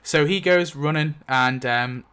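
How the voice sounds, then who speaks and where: A man's voice: a little high, measured pace, pushed and bright, smooth. A man hosting his video, casually narrating a story rewrite decided by dice rolls, rambling with lots of fillers and little chuckles. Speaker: YouTube host.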